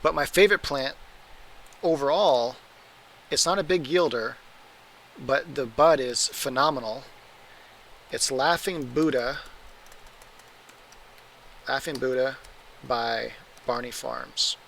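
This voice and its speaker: A man's voice: mid-range voice, slow pace, long pauses, fairly bright tone, a little hiss or hum, low-quality recording. A man hosting a casual livestream, answering viewer questions in a rambling, self-correcting way. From Oregon, US. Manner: rambling, self-correcting, laughs at his own mistakes.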